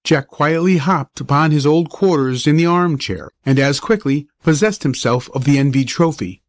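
A man's voice: on the high side, lively intonation, no echo. Man narrating a storybook, dry sound. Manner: measured storytelling. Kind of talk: audiobook narration.

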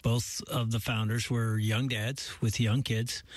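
A man's voice: medium pitch, level tone, a little slow, no echo. A middle-aged man, a pastor co-hosting, speaking in a reflective and affirming way. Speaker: pastor and co-host. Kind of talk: casual chat.

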